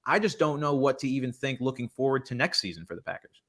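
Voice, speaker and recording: A young man co-hosting a podcast from a friend's home, talking sports casually with quick joking asides. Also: medium pitch, expressive, a bit bright. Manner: chatty, quick asides, self-deprecating humor. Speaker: podcast co-host.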